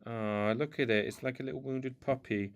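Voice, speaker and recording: A man's voice: mid-range voice, fairly even intonation, normal speed, a little hiss or hum. A man casually rambling through an unboxing of old toy cars at home, self-mocking and playful. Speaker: toy car collector unboxing. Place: indoors at home.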